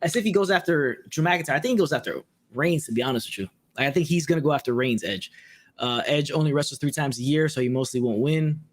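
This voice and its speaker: A man's voice: on the high side, quick pace. A man with a slightly raised voice chats loosely about wrestling, cursing freely and shrugging things off. He sounds laid-back and blunt, like he's hanging out with a friend. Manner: profane, blunt and laid-back, reads viewer comments. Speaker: wrestling show host. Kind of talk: casual podcast chat.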